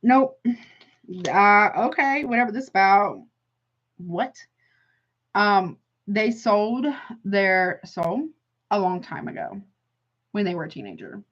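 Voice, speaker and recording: A woman's voice: medium pitch, sing-song, takes it slowly, long pauses, fairly bright tone. Lady doing a tarot reading, blunt and fired up, lots of nope and honey, kinda dull lo-fi sound. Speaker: tarot reader. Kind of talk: casual tarot reading to camera.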